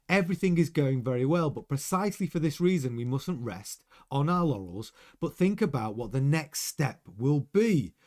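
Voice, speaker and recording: Male F1 news host, casual and animated, slightly hoarse voice, lively pitch. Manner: lively, chatty, reads quotes aloud. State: losing his voice, slightly hoarse.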